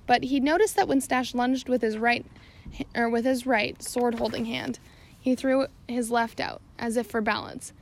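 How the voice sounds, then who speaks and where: A woman's voice: fairly high pitch, vocal fry. A woman narrating an audiobook chapter, reading steadily with occasional slips and self-corrections. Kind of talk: scripted narration.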